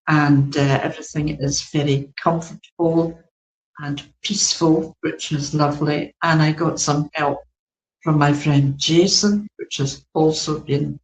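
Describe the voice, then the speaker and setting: A woman giving a gentle, meandering spiritual talk to an online group as its teacher, with many fillers. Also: low-pitched, fairly even intonation, measured pace, echoey room, rough recording.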